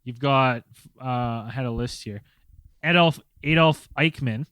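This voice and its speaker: A man's voice: medium pitch, a little slow, a bit bright, no room sound. Hesitant man reading from his notes. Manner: hesitant, reading facts from notes with many fillers. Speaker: podcast co-host. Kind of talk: casual chat.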